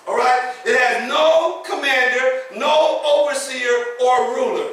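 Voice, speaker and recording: Male preacher, very high and bright, telling folksy stories mid-sermon, distant mic in a reverberant sanctuary. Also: slow pace, hardly any pauses. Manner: folksy storytelling, laughs at his own jokes. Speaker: pastor. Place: church sanctuary. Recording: echoey church hall, picked up from a distance.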